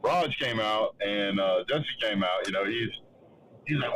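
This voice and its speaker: Man, chatty host, restarts a lot, acts out quotes, average pitch, slight background noise. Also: lively intonation, fairly bright tone, poor audio. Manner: halting, restarts often, acts out others' lines. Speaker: show host. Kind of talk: casual chat, telling a story.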